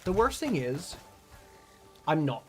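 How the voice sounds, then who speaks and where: A man's voice: a little high, very animated, takes it slowly, a bit bright, faint music behind. A man from Australia with an Australian accent, casually chatting and swearing while streaming a game and reading out chat.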